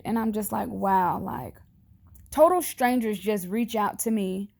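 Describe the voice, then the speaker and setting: A grieving mother holding back tears as she records a personal video message to camera, speaking earnestly and haltingly, her sentences often trailing off. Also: medium pitch, creaky.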